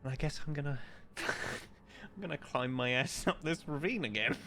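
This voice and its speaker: A man's voice: fairly high pitch, lively intonation, normal speed, pushed and bright, slight background noise. A man playing a tabletop role-playing game, talking casually with a dry, sarcastic humor. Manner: dry, sarcastic, laughing often. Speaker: player.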